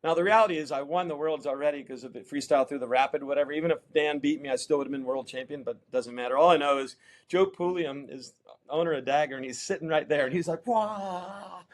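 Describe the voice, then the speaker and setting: Middle-aged American man, casual interview guest, slightly high voice, lively storyteller who acts out the people he quotes. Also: fast talker. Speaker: interview guest, champion kayaker.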